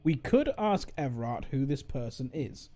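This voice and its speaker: A man's voice: mid-range voice, sing-song, normal speed, mellow. A man streaming a video game, chatting casually and thinking aloud, rambling and correcting himself as he goes.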